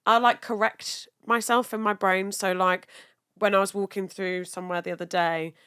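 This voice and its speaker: A woman's voice: mid-range voice, steady tone, moderate pace, fairly bright tone, clear, resonant tone. A woman co-hosting a podcast, chatty and rambling with many restarts. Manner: chatty, lots of fillers and restarts. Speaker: podcast co-host. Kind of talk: casual podcast chat.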